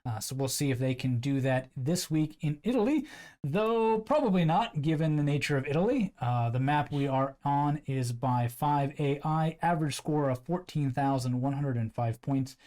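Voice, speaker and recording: Higher-voiced man hosting esports commentary. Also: normal speed, a little mellow. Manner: friendly, filler-heavy, acts out quoted friends. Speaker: host commentator.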